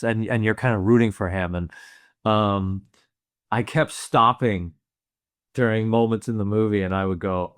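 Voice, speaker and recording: Male co-host, lower voice, easygoing chat, plays out his reactions, dry sound. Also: moderate pace, clear, resonant tone, dry recording. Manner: relaxed, acts out his own reactions. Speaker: podcast co-host. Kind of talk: casual movie podcast chat.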